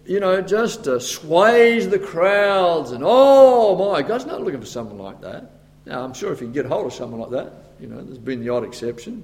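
A man's voice: a little high, a little mellow. A man preaching a sermon, acting out the voices of Moses and God with stammers and asides. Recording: long hall reverb.

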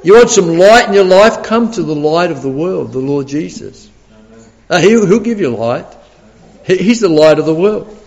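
A man preaching a sermon with a voice pitched well above most men's. He sounds animated, doubles his words as he restarts, and keeps turning questions to the congregation. His voice rings through a large church with a long reverb. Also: moderate pace.

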